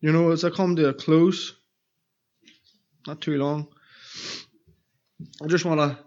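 A man's voice: fairly high pitch, fairly even intonation, slow, a little mellow, dull audio. A man preaching an evangelistic sermon in a church, earnestly pleading with repeated questions.

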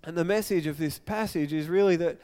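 A man with a notably high voice delivering a sermon as pastor. He speaks earnestly and retells the story with feeling, moving between narration and acted-out quotes. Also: brisk, dark tone, smooth.

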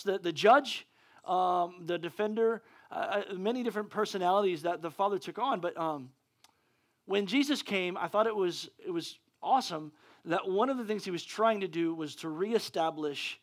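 A male preacher giving a sermon, excitable and often stumbling over restarts. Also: high voice.

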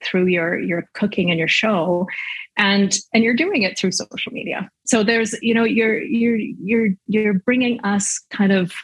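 A woman's voice: medium pitch, steady tone, unhurried, slightly rough, no room sound, poor audio. A woman host from Saskatchewan, Canada, speaking earnestly to a guest and often restarting her sentences. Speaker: podcast host. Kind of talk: conversational interview.

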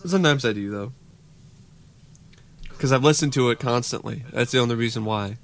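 A man's voice: medium pitch, moderate pace. A man co-hosting a podcast in easygoing casual banter, laughing often and reasoning things through. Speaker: podcast co-host.

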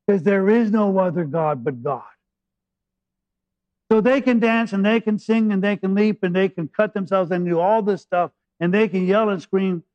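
A man preaching a sermon with a high voice, retelling a scripture story in a lively, joking way. The sound is dry and a little muffled. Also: normal speed, no room sound. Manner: animated storytelling preacher, paraphrasing scripture with humor. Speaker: pastor.

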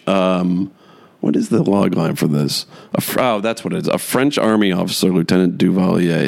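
A man's voice: deep voice, creaky. A man hosting a podcast, chatting casually and rambling with lots of fillers and frequent chuckles. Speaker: podcast host. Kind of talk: casual solo podcast chat.

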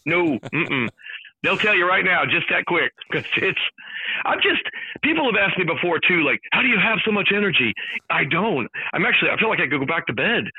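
Man, phone line, slightly high voice, energetic, jokey, storytelling. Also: fairly quick, slightly rough, no room sound. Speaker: guest, sports play-by-play announcer. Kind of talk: animated storytelling chat.

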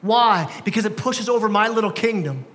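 A young pastor preaches a sermon in a church sanctuary, talking conversationally with casual slang and restarting his sentences often. His voice sits high, animated and fairly bright at a moderate pace, and the church hall adds long reverb to the recording.

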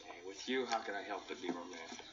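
An actor playing a smitten young husband in a sitcom, with cool, teasing charm. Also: male voice, sits low, quick pace, a loud crowd, lightly acted. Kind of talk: sitcom acting. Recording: dull TV clip with studio audience.

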